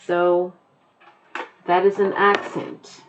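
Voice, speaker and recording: A woman with an American accent teaching a lesson, explaining deliberately and repeating her key points. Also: lowish voice, level tone, lo-fi sound, slight background noise.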